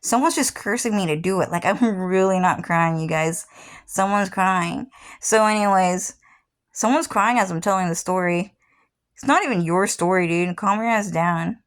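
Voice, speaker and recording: A vlogger in her thirties, with a voice on the low side and a normal speaking speed, rambles casually through a personal story. She keeps repeating "what happened is" and swears freely.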